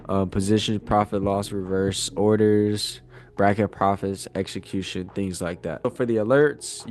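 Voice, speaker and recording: A man hosting a casual screen-share tutorial, talking in a relaxed, rambling way with many fillers. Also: fairly low pitch. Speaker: trading tutorial host. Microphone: wireless clip-on mic.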